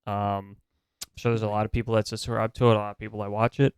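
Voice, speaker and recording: A lower-pitched man with a smooth, clear voice, chatting in a laid-back way on a podcast. He hesitates on small fillers. The sound is dry and close. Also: little pitch movement, fast, no echo. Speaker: podcast co-host. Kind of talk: casual chat.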